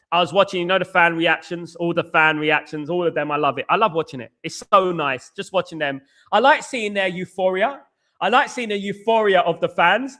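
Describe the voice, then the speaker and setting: Excitable male stream host, high and bright, chatty and repetitive. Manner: excitable, repeats phrases, reads chat aloud. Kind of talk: casual live stream chat.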